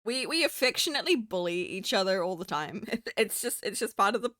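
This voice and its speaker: A woman's voice: mid-range voice, lively intonation, fairly quick, a bit bright, dry recording, clean studio sound. A woman from New Zealand with a Kiwi accent, chatting casually on a stream and laughing often at herself. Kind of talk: casual stream chat while drawing.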